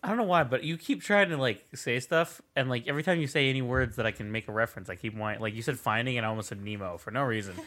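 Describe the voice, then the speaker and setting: A man's voice: mid-range voice, fast, a bit bright. A man playing a tabletop role-playing game, rambling and self-mocking, often laughing at himself. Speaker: player. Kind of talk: tabletop role-play chat.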